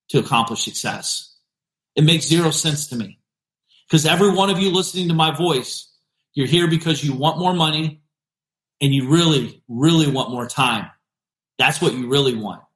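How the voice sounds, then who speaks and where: A male podcast host giving an energetic, emphatic motivational business talk, repeating punchy phrases. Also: fairly high pitch, roomy sound.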